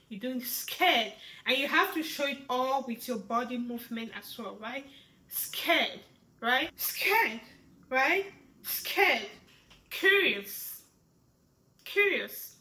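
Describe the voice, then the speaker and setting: A woman teaching sign language, walking through each sign slowly and repeating words, checking in with "right?". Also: high voice, pushed and bright. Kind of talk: slow step-by-step lesson. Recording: echoey room.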